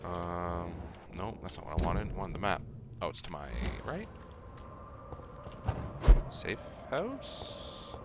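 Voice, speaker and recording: A man's voice: low voice, moderate pace, very noisy. A man streaming a video game, muttering to himself and cracking wry asides at the characters. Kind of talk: gaming livestream commentary. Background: loud game music.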